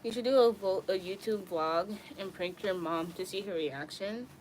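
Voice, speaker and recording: A woman's voice: normal speed, a little hiss or hum. Giggly young woman live-streaming from her bedroom. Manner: bubbly, giggly, swings between loud outbursts and low mumbles. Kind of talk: casual live-stream chat reading viewer comments.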